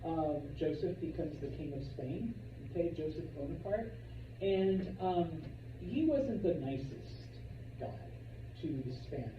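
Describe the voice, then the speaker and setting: A man's voice: a little high, animated, unhurried, background noise. Chatty male history teacher, distant and roomy. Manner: chatty, checks in with frequent "okay?". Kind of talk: casual classroom lecture. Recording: roomy, distant, dull classroom recording.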